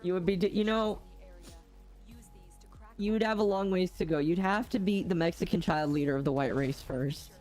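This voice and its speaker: A woman's voice: on the low side, moderate pace, long pauses, a little mellow, faint music behind. A woman hosting a game livestream, chatty and giggly, often exclaiming as she talks. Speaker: streamer host. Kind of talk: casual livestream chat.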